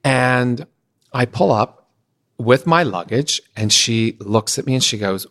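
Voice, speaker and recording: Animated middle-aged man telling stories. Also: mid-range voice, slow pace. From Pennsylvania. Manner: animated, acts out others' lines in shifting voices. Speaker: podcast guest, event designer. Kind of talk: anecdotal storytelling in conversation.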